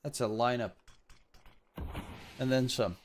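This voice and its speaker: Man, solo esports commentary, mid-pitched, chatty, rambling, faint gunfire behind. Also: slow pace, a little hiss or hum. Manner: rambling and chatty between hype calls. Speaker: esports caster.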